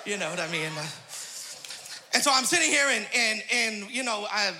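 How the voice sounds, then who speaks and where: Laughing bright-voiced pastor man. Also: high voice, lively intonation, moderate pace, slight background noise. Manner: laughing often, peppers story with praise interjections. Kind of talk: humorous storytelling sermon.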